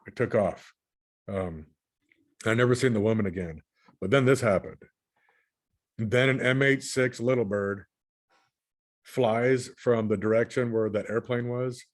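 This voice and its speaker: A man from California with a somewhat low voice tells his dreams in loose, everyday speech. He circles back and restarts phrases often, talking as if to viewers on a shared screen stream. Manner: rambling, repeats and restarts words. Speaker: channel host recounting dreams. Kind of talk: casual spoken recounting while screen sharing.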